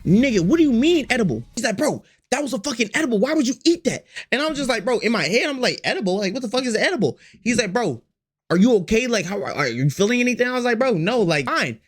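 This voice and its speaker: A man's voice: extremely high pitch, very animated, fast talker, fairly bright tone, breathy edge. A man telling a storytime to his chat in a slangy, profane way, repeating phrases and acting out the quotes. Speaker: storytime vlogger.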